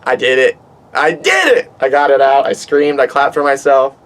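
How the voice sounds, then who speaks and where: A man vlogging from his back porch, telling a story in an animated, rambling way and swearing a lot. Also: medium pitch, brisk. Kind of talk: casual storytelling monologue. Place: outdoors on a back porch by water.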